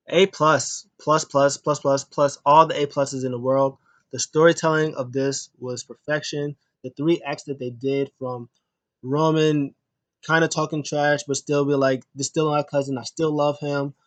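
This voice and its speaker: A man talks through a show in a relaxed, off-the-cuff review. He retells events with animated energy, often stumbling and restarting mid-sentence. His voice sits at an ordinary middle pitch. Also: no echo. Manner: animated retelling with acted quotes and many restarts. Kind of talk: casual spoken review.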